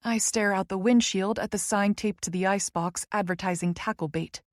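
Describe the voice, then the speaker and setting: A woman's voice: medium pitch, steady tone, moderate pace, no room sound, clean studio sound. A woman narrating a first-person romance audiobook in a wry, conversational way.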